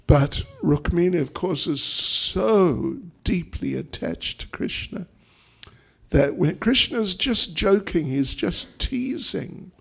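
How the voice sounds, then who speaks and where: A monk telling a devotional story in a sermon, animated and acting out the dialogue. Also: male voice, sits high, takes it slowly, gravelly, slightly rough. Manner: animated storytelling, acts out quotes. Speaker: monk preacher.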